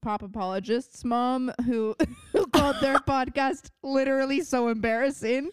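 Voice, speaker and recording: A woman's voice: high-pitched, fairly even intonation, normal speed, clean tone, dry recording, clean studio sound. A woman co-hosting a podcast in casual chat, joking and laughing often. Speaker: podcast co-host.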